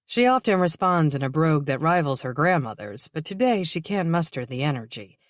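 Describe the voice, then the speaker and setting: A woman narrating a novel in a measured, even reading. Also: deep voice, no room sound, studio quality. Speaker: audiobook narrator. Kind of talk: scripted narration.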